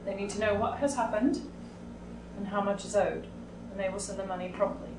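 A woman playing her character in a tabletop game, speaking softly and reassuringly. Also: mid-range voice, fairly quick. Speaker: player. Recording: echoey room, mic far off, noise.

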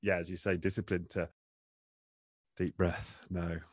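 A man's voice: low voice, level tone, a little slow, dry recording. A man hosting a podcast interview, agreeable and thinking aloud with restarts. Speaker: podcast host. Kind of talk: conversational interview.

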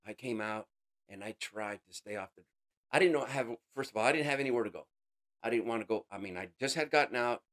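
A man giving an emotional personal testimony in an interview, earnest, calling the listener bro, voice rising high and dropping to a hush. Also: quick pace. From United States. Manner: swings between raised intensity and hushed quiet. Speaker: interview guest.

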